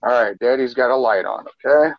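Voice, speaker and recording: A dad with a mid-range voice talks a little fast as he playfully grumbles to his daughter on a phone video. It's a casual family vlog, moving from home out into snow at night, shot on a handheld phone. The sound is dry and lo-fi.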